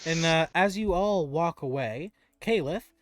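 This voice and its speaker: A man narrating a tabletop game as game master, lively and animated. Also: fairly high pitch, a little slow, no room sound, studio quality.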